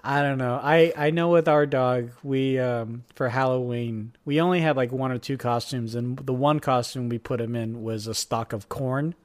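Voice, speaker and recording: A young man chatting casually and jokily as a podcast co-host, rambling and animated. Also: mid-range voice, moderate pace, hardly any pauses. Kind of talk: casual chat.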